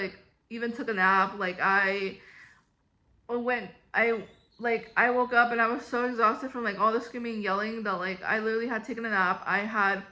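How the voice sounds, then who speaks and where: A woman's voice: fairly high pitch, bright, forceful tone. A young woman casually telling childhood stories to the camera, rambling with lots of "like" and restarts. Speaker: vlogger. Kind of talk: casual storytelling.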